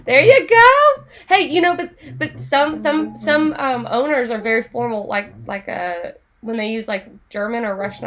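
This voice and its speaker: A woman teaching an online Spanish class in a chatty, animated way, laughing often. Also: high-pitched.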